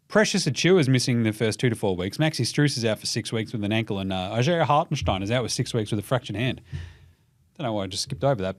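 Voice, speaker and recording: A young Australian man hosting a casual basketball show, talking fast and loose with lots of swearing and mocking impressions. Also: medium pitch, no echo, studio quality. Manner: profane, animated, mocking impressions. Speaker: podcast host. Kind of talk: casual sports commentary.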